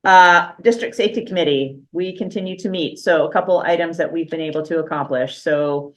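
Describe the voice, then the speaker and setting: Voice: medium pitch, a little fast. A school superintendent giving an informal, unscripted report at a board meeting, talking loosely with fillers and restarts and the odd dry joke. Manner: dry, self-aware humor.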